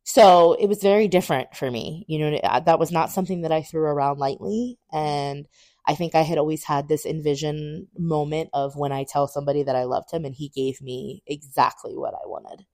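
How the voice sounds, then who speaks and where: A woman's voice: moderate pace, no room sound, studio quality. A woman in her twenties, a podcast co-host, telling a personal story candidly and acting out quoted dialogue. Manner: animated, acts out quoted dialogue with big pitch jumps; candid, swears casually.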